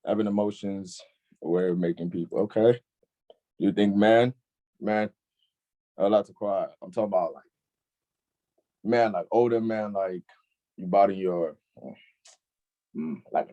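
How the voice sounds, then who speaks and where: Brief: young male youth-group host, low mellow voice, laid-back, keeps saying "facts.". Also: a little slow, pauses often, highs cut off. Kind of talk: casual online group discussion.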